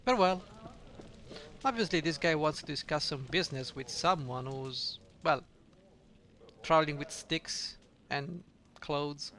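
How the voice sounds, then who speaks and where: A man's voice: fairly high pitch, a little slow, bright, forceful tone. A man hosting a let's play, giving casual, joking game commentary.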